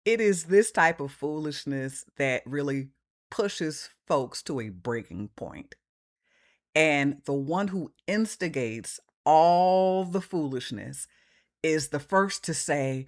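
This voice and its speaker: A woman's voice: low voice, lively intonation, slow, fairly bright tone. A woman hosting a reaction video, commenting emphatically on a clip and talking straight to her viewers.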